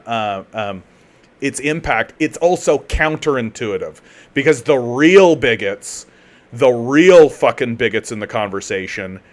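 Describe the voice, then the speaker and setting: Man, from Canada, livestream commentary host, profane heated ranting, repeated restarts, mid-pitched voice. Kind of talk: livestream commentary, reading chat.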